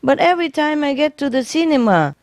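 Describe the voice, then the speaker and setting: A woman's voice: high-pitched, big pitch swings, a little fast, dry recording, clean studio sound, voice pushed up. A woman voicing a bewildered drunk man at the cinema, earnest and confused. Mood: puzzled.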